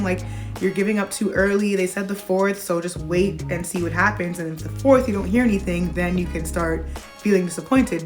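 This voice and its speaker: Young woman vlogger, lower voice, lively storytelling, faint music underneath. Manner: animated retelling, acts out quoted voices. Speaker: vlogger, new nurse graduate. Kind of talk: casual storytelling to camera.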